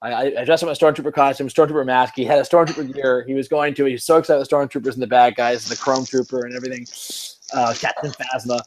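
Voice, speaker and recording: A man's voice: mid-range voice, steady tone, quick pace, slight background noise. A man from Cleveland hosting a podcast, chatting casually in a rambling, self-mocking way and laughing often. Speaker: podcast host.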